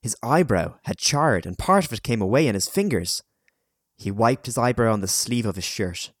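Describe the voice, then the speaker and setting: A man narrating an audiobook chapter in a measured, dramatic storytelling manner. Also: on the low side, expressive, dry recording, clean studio sound.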